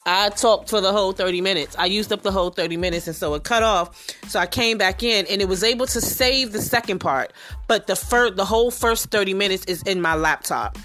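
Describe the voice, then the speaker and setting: A woman's voice: mid-range voice, fairly quick, a bit bright. A woman hosting her own podcast, talking casually and candidly to her listeners about a frustrating night. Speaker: podcast host. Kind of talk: casual solo podcast chat.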